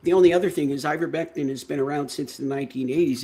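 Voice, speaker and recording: A man's voice: fairly high pitch, fast, dark tone. A man co-hosting a casual political chat, reasoning aloud in a matter-of-fact way.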